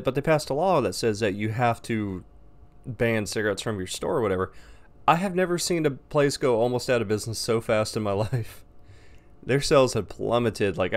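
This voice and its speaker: Gravelly low-voiced man ranting. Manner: rambling, profane, blunt. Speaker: vlogger. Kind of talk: casual rant to camera.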